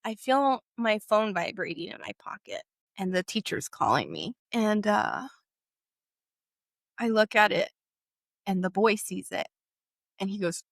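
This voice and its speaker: A young woman sharing a painful personal story, halting and emotional, with frequent fillers. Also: medium pitch, big pitch swings, no echo, clean studio sound. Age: young adult.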